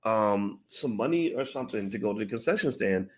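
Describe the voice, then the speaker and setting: This man's voice sits on the lower side, with a brisk pace and a breathy edge. He's a vlogger telling an informal story, animatedly impersonating the people involved.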